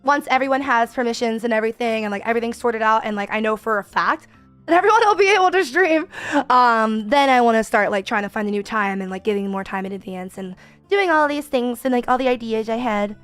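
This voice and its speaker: High-voiced rambling woman streamer. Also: fast, fairly bright tone, smooth, no echo, faint music behind. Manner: rambling, many fillers, reads chat aloud. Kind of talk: casual chat with chat readers.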